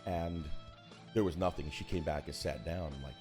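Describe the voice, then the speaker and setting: A man co-hosting a hobby livestream, telling a story in an animated, chatty way. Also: moderate pace, over music. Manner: animated storytelling, jumps between high and low. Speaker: livestream co-host. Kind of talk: casual chat.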